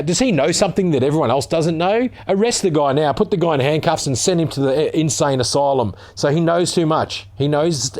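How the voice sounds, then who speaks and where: A man's voice: a little high, a little mellow. An Australian man ranting sarcastically as a vlogger, reading out a news article and swearing as he gets heated.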